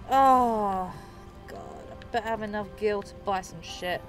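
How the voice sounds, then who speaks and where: A woman's voice: mid-range voice, unhurried, faint music behind. A woman commenting on her game playthrough, emotional and swearing often. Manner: emotional, swearing, laughing asides. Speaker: gamer streaming a playthrough. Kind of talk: let's play commentary.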